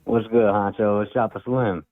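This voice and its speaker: A man calling in to a sports show, talking calmly and reflectively, disappointed but even-tempered. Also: fairly low pitch, moderate pace. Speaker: caller. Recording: tinny phone line.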